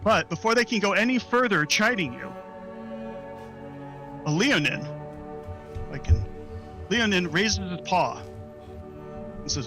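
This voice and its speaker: A man's voice: sits high, animated, slow, long pauses, music in the background. A man narrating a tabletop game as game master, casual, often restarting his phrases.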